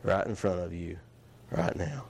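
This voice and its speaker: A man's voice: sits low, lively intonation, unhurried, vocal fry, a little mellow, husky. A man preaching a sermon in a conversational way. He restarts his phrases and asks his listeners questions. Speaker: pastor.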